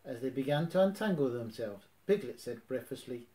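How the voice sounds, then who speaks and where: A man reading a children's story aloud in a lively, expressive way. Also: medium pitch, fairly quick. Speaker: narrator.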